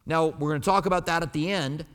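A male pastor preaches in an emphatic, conversational style, walking listeners through scripture. His voice sits a little high for a man. The sound carries the long reverb of a big hall. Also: fairly even intonation, fast, fairly bright tone. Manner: emphatic, conversational Bible teaching. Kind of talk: sermon.

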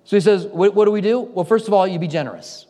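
High-voiced pastor preaching in a reverberant hall. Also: male voice, quick pace, dark tone. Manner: conversational storytelling with acted-out quotes. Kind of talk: sermon.

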